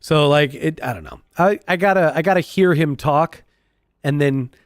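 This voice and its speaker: A man chatting while gaming, animated and joking, with crude humor. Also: on the high side, normal speed, dry recording, clean studio sound. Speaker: gamer. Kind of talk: casual chat while gaming.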